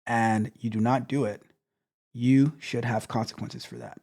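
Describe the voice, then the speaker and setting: A tech coach with a medium-pitched, steady, unhurried, slightly mellow voice gives viewers a blunt motivational talk. He often restarts words with stammers and keeps repeating his points.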